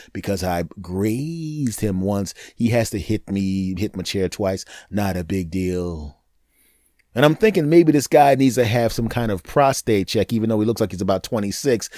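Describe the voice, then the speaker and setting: A man hosting a podcast, telling a comic story in an animated, sarcastic way, swinging between loud and hushed. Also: mid-range voice, no room sound, clean studio sound. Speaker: podcast host. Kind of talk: comedic storytelling monologue.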